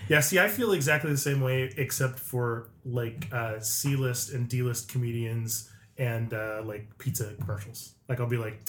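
Podcast host, male, mid pitch, loose and jokey, roomy echoey recording with faint noise. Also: measured pace, fairly bright tone. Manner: rambling, joking, lots of fillers. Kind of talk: casual chat. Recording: echoey room.

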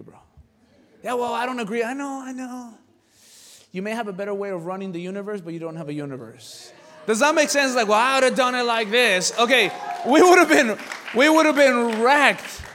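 A man preaching a sermon with animated delivery, jumping from shouted lines to quiet asides. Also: sits high. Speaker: pastor. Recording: reverberant hall from a distance.

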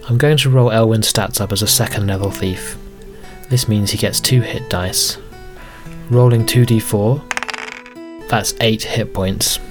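A man narrating a solo tabletop game as game master, with steady, even storytelling. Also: fairly low pitch, unhurried. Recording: music bed under narration.

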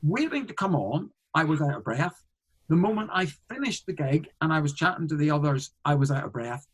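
A man's voice: a little high, lively intonation, a little fast, husky, rough recording. Rambling man telling a story. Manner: rambling, frequent restarts and fillers. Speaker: guest, comedian. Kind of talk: casual interview storytelling.

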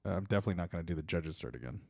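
A man's voice: low voice, expressive, very fast, gravelly, darkish tone, no room sound, studio quality. A young man co-hosting a casual podcast chat, laid-back and sweary with sarcastic asides. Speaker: podcast co-host.

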